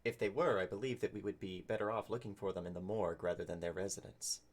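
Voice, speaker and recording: A man's voice: low voice, fairly even intonation, fast, a little hiss or hum. A man playing a tabletop role-playing game, speaking in stiff, formal in-character lines. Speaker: player.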